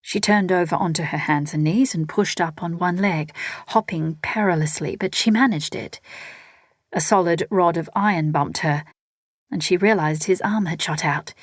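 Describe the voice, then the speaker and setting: A woman narrating a novel in a steady storytelling read. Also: lowish voice, normal speed, no room sound, clean studio sound. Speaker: audiobook narrator. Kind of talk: scripted narration.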